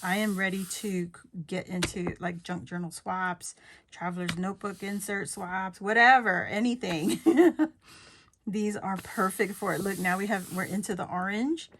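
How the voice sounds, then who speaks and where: A woman showing off craft paper in a casual haul video, gushing with delight, dropping into soft asides and a little out of breath. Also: medium pitch, fairly even intonation, unhurried, slight background noise. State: a bit out of breath. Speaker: craft vlogger.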